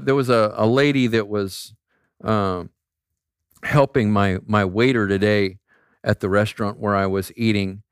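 Male pastor, animated sermon delivery, dry close sound, tells stories and asks the room questions. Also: mid-range voice, clean tone, dry recording. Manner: conversational storytelling with rhetorical questions.

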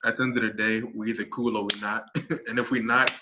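A man's voice: on the low side, little pitch movement, fairly quick, highs cut off, background noise. A man in casual podcast chat, talking bluntly and emphatically. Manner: brash, emphatic, blunt opinions.

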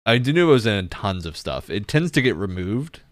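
A man hosting a casual gaming news chat, relaxed and chatty with frequent laughs. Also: lowish voice, moderate pace, dry recording, studio quality. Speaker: podcast host.

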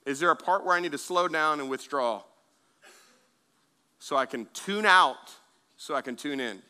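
A man preaching a sermon as pastor, conversational, with quick asides to the congregation and frequent repeated words. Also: on the high side, sharp tone, clear, resonant tone.

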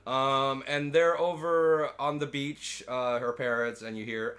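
A man casually recapping a movie with a co-host, animated, jumping into squeaky character voices and swearing freely. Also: unhurried, few pauses. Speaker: podcast co-host.

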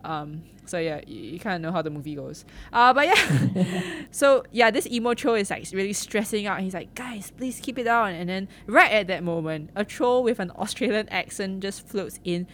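A woman, co-hosting a casual chat about films. She talks in an animated, giggly way and uses plenty of fillers. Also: mid-range voice, normal speed, hardly any pauses, a little hiss or hum. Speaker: podcast co-host.

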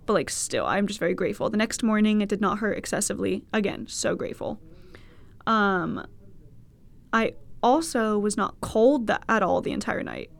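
A woman's voice: mid-range voice, normal speed, vocal fry. A young woman hosting a podcast, telling a personal story in casual, candid chat with frequent swearing and laughter. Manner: candid, swearing, laughing, animated quoted voices. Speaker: podcast host.

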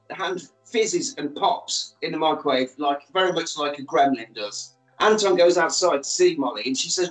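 A man's voice: a little high, fairly quick, hardly any pauses, fairly bright tone, echoey room, soft background music, poor audio. A man, casually recapping a film's plot and acting out the characters' lines as a podcast co-host.

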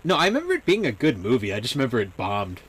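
A young man co-hosts a casual podcast in a mid-range voice. He talks in a relaxed, meandering way, circling back on his own sentences. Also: mid-range voice, very fast, husky. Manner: relaxed, rambling, with fillers and restarts. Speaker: podcast co-host. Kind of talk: casual chat.

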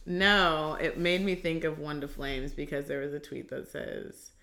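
A woman's voice: deep voice, unhurried, sharp tone. A woman co-hosting a podcast in casual chat, laughing often and swearing freely. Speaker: podcast co-host. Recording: roomy sound with guitar playing.

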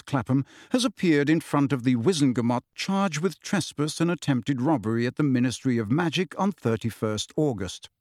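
A man giving steady, even storybook narration as an audiobook reader. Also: mid-range voice, no echo, studio quality.

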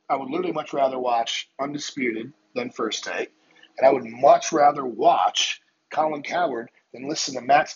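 A man hosting a podcast, delivering a heated, profane solo rant with rapid-fire rhetorical questions. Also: mid-range voice. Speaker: podcast host. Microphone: phone. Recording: muffled lo-fi audio with crowd noise behind.

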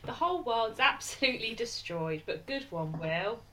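A woman's voice: on the high side, lively intonation, normal speed, a bit bright, slight background noise, rough recording. A woman co-hosting a casual film podcast, teasing her partner and laughing often. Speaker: podcast co-host.

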